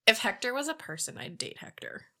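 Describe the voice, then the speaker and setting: Young female podcast co-host, chatty and giggly, crisp bright voice. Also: a little high, sing-song, a little fast, whispered. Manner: giggly, gushing, heavy use of "like". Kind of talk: casual chat.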